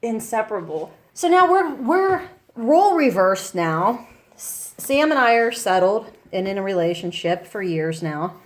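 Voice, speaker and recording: A woman hosting a casual talk show, telling a story with lively acted-out quotes. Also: mid-range voice, measured pace. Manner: animated, acts out quoted voices. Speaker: podcast host.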